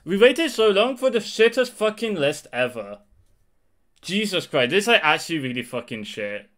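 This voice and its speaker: A man's voice: high-pitched, sing-song, moderate pace, fairly bright tone. A man reacting live to card game news, exasperated and angry, swearing heavily. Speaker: card game content creator.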